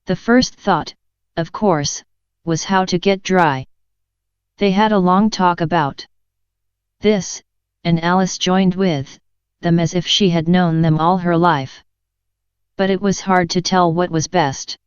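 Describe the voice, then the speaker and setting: A woman reads a children's storybook in a slow, very clear voice that sits a bit low. The recording is dry and close, with a dull, lo-fi tone. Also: steady tone, dry recording. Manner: gentle, measured storytelling. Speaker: audiobook narrator. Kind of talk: children's audiobook narration.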